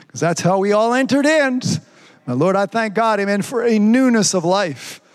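A man's voice: sits high, normal speed. A pastor preaching a sermon, fervent and repetitive, peppering his talk with "praise God" and "amen.". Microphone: streamed online service.

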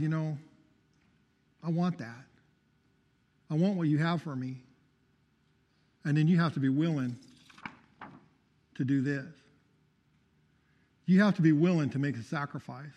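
Fervent high-voiced man preaching in a reverberant hall. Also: a little mellow. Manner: fervent, calls out for amens. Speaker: testimony speaker. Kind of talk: preaching testimony.

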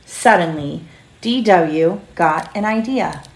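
A woman's voice: fairly low pitch, lively intonation, vocal fry, very noisy. Mother reading a storybook in a roomy room. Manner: pauses to quiz the children. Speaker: mother reading to her children.

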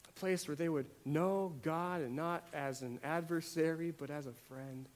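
A man delivering a sermon in a fairly high voice. He drops to near-quiet, then rises to loud, emphatic declarations, repeating words as he builds his point. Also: fairly even intonation, moderate pace. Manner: dynamic, swings from hushed to loud emphasis. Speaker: preacher.

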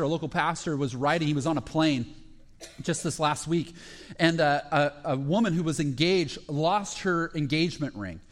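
Guy preaching, fairly high voice, tells stories in choppy bits with lots of uh's and restarts. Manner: storytelling preacher, retelling parables with rising excitement; speaks in short phrases with frequent fillers and restarts. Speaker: pastor. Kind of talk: sermon.

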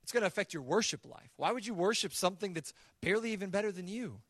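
Man pastor preaching, earnest, slightly high voice, dry close sound, repeats words as he builds up. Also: lively intonation, quick pace, fairly bright tone, dry recording. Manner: acts out God's voice in quoted asides. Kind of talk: sermon.

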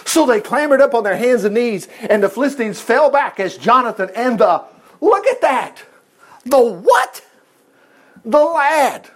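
A man reading a Bible story aloud and breaking off into animated, chatty asides and commentary. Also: very high-pitched, unhurried. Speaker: Bible teacher.

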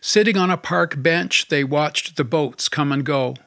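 A man narrating an audiobook in a calm, steady storytelling manner. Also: fairly high pitch, unhurried, creaky, dry recording, clean studio sound.

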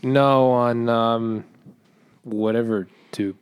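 A man's voice: mid-range voice, fairly even intonation, drawn-out words, clear, resonant tone. A man co-hosting a comedy podcast, rambling with lots of swearing and restarts. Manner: profane, rambling, restarts sentences. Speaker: podcast co-host. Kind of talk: casual comedic banter.

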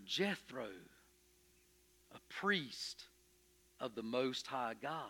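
A man playing Moses in a dramatic first-person sermon, telling his story with emphatic, expressive energy and stammering when anxious. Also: mid-range voice, gravelly, exaggerated voice. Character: Moses, earnest, stubborn, curious shepherd. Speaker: preacher in character.

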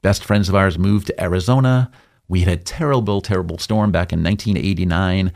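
Low gravelly-voiced storytelling man. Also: a little fast, darkish tone. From New England. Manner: jokey storyteller, acts out voices with big jumps. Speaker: interview guest, business owner. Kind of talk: casual interview chat.

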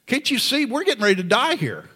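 Exasperated, snarky complainer, a preacher putting it on, high and bright. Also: male voice, wildly swooping pitch, fast talker, breathy edge, heavily acted. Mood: whiny. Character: whiny complaining crowd of ex-slaves, adults.

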